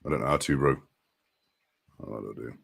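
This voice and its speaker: A man's voice: a bass voice, a little fast, gravelly, fairly bright tone, husky. A man who drives trucks, casually chatting on a live stream, reading out viewer comments, greeting people by name and laughing often.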